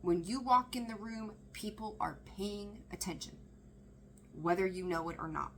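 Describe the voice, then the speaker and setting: A woman's voice: mid-range voice, normal speed, a little hiss or hum, poor audio. Chatty woman giving a tarot reading. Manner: chatty, excitable, laughs and trails off mid-sentence. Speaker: tarot reader. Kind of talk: casual tarot reading to camera.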